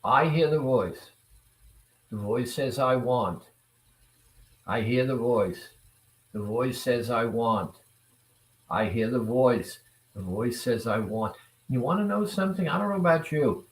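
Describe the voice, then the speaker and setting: A man giving a motivational talk to viewers, speaking deliberately and repeating phrases, often putting questions to the audience. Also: mid-range voice, expressive. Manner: deliberate, repetitive, asks the audience rhetorical questions. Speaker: self-improvement speaker. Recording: roomy echo.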